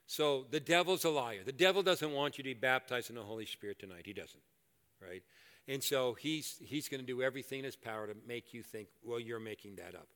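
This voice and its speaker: An older man preaching a sermon and leading prayer in a church, animated and joking at his own expense. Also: mid-range voice, brisk, clean tone. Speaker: pastor. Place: church hall. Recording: echoey hall reverb.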